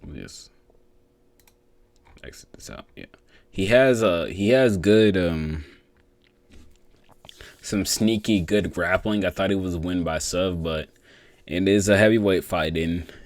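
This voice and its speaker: Deep-voiced, profane young man riffing on fights. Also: expressive, unhurried, pauses often, dry recording. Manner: rambling, profane, many fillers and restarts. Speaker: MMA commentator giving fight reactions. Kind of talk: casual solo commentary.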